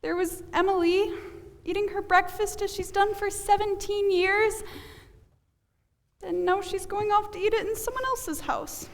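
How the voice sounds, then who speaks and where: A woman's voice: very high-pitched, steady tone, measured pace. A woman playing a worried mother of the bride on stage, talking in a wistful, confiding way. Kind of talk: stage play acting. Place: stage in a large hall. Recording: reverberant hall from a distance.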